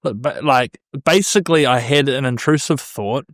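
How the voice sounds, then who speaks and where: A man, hosting a podcast in relaxed, reflective casual chat with some swearing. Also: mid-range voice, moderate pace, dry recording, clean studio sound. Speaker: podcast host.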